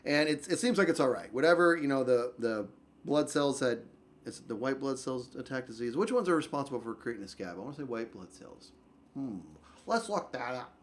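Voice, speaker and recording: A young man telling a story on his vlog, very animated, swinging from loud outbursts to low mutters and rambling with lots of restarts. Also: a little fast, a little hiss or hum. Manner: rambling, full of likes and restarts. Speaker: YouTube storyteller.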